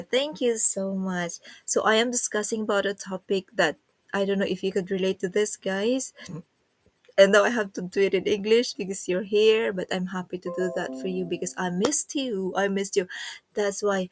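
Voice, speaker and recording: A woman's voice: medium pitch, steady tone, moderate pace, no room sound. A woman with a Filipino accent hosting a casual livestream, chatting and reading viewer comments aloud. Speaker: livestream host.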